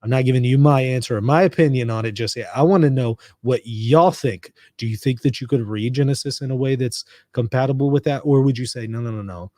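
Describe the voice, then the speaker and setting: This livestream host is a man from the US with a mid-range, darkish voice. He talks a little fast with hardly any pauses, reading chat messages out loud and joking around with them conversationally. The audio is clean studio sound without any room noise.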